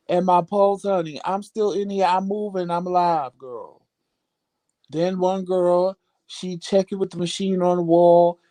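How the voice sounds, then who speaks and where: A man hosting a casual vlog, telling animated, sassy stories and jumping into high voices when he quotes people. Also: dry recording. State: recovering at home after hospital stay. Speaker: vlog host. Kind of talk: casual storytelling chat.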